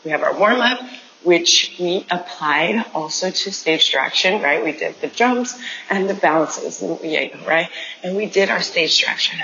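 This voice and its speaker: A woman's voice: on the low side, measured pace, vocal fry, bright, forceful tone, highs cut off, a little hiss or hum. A woman teaching an online dance class, coaching movement step by step and counting out the beats. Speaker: dance instructor.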